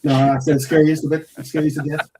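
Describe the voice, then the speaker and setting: A man hosts a casual film livestream in a relaxed, easygoing way. His voice is mellow and a touch high. He often answers with short, agreeing interjections. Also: racing, slight background noise. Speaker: host.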